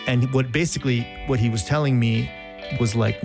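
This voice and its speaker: A man's voice: medium pitch, fairly even intonation, normal speed, gravelly, loud music behind the voice. A man, a journalist, telling a self-deprecating story on a podcast in a rambling, casual way with frequent restarts.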